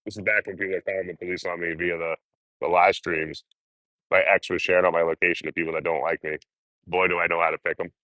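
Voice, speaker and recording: A man casually telling hitchhiking stories on a livestream, full of swearing and lively asides. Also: deep voice, fast, no echo. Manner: profane, animated storytelling.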